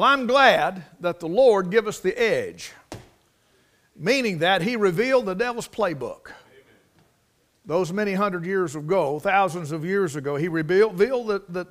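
Preacher, male, high-pitched, homespun storytelling sermon with loud emphatic peaks. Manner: folksy preaching with anecdotes and repetition; rises to emphatic, loud bursts.

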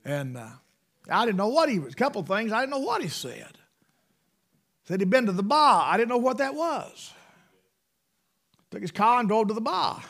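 Fervent preacher man, high and lively. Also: normal speed, long pauses. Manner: fervent, swinging between loud bursts and hushed asides. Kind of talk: sermon.

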